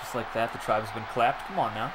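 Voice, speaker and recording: A man streaming and commentating a football video game live, chatting with viewers and shouting on big plays. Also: medium pitch, fast talker, background noise. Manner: excitable, laughs often, breaks into shouting on big plays; chats with viewers. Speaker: gaming streamer.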